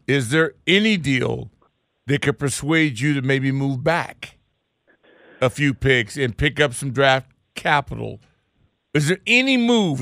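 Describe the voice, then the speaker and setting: A man's voice: medium pitch, a bit bright, no echo, studio quality. A man hosting a sports radio show, asking questions and teasing his producer playfully.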